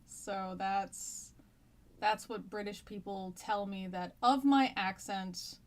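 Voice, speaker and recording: A woman's voice: mid-range voice, steady tone, slow pace. An American woman teaching a history lesson on a live stream, chatty and rambling with frequent ums, and a stuffy nose with a cough.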